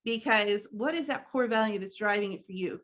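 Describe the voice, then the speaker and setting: A middle-aged woman leading an online training session, earnest and halting, with many restarts and a frequent "right?". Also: mid-range voice, fairly bright tone. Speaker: workshop trainer.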